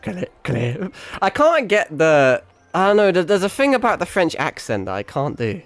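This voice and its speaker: A man's voice: high voice, wildly swooping pitch, normal speed, soft background music. A British man with an accent that carries hints of American and South African, chatting on a game stream in a playful, rambling way, swearing freely and laughing often. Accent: British, with mixed American and South African hints. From Britain. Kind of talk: casual game stream chat.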